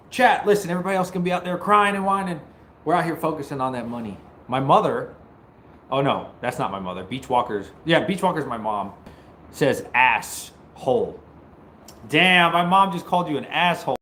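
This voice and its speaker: A man hosting a casual live stream, greeting viewers and joking, at times breaking into loud mock-taunting. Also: on the high side, expressive, moderate pace, slight background noise. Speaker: livestream host. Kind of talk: casual livestream chat with viewers.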